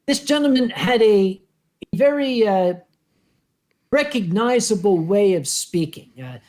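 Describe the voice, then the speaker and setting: A man, a convention organizer, telling an anecdote on a panel and acting out the quotes with lively voices. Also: high voice, measured pace. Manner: lively storyteller who acts out the quotes.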